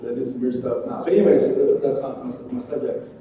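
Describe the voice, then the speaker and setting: A man's voice: medium pitch, brisk, dull audio, a little hiss or hum. A young man preaching a casual youth sermon, joking and self-deprecating, often asking the room questions. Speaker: youth pastor. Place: church hall. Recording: roomy far-off hall recording.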